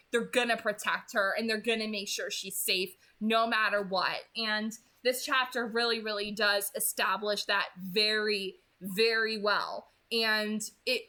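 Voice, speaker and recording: A woman's voice: mid-range voice, sharp tone. A woman in her twenties, host of a read-aloud channel, chatting casually about a chapter she just read, gushing and full of fillers like "like" and "you know.". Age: 20s. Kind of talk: casual chapter recap and commentary.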